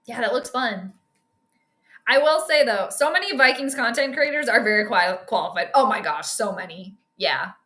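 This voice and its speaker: A woman with a bright, fairly high voice gives casual live watch-along commentary on a game. She chats and jokes in asides to a co-viewer. The sound is roomy and echoey. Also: fairly quick, hardly any pauses. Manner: chatty, joking asides to a co-viewer. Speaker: host of a sports live stream.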